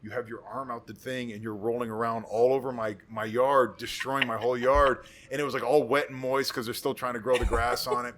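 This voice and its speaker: A man's voice: medium pitch, steady tone, a little fast, few pauses, a bit bright. A former football lineman in his forties telling rambling, profane stories in casual chat. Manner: profane, rambling, boisterous storyteller. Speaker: podcast guest, former pro football lineman.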